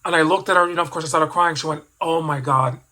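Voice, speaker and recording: A man in his fifties with a bright, forceful voice pitched a little higher than most men's. He tells a personal story in a rambling, reflective way, often restarting sentences and trailing into asides. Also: fairly even intonation, fast talker, rough recording. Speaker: toy collector vlogger.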